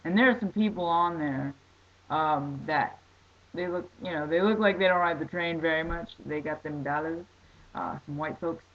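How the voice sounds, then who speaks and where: Rambling, excitable woman on lo-fi video. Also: deep voice, moderate pace. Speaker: vlogger. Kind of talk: casual storytelling vlog.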